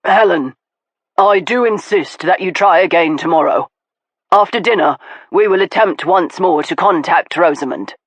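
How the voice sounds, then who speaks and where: A woman's voice: fairly low pitch, moderate pace, husky, dry recording. A woman reading the part of a grieving middle-aged nobleman who speaks with impassioned earnestness. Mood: earnest. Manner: impassioned, pleading.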